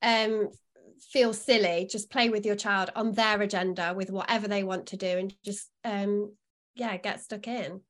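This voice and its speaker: Woman early learning expert, calm reassuring tips, casual podcast chat. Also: medium pitch, normal speed. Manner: calm, reassuring advice giver.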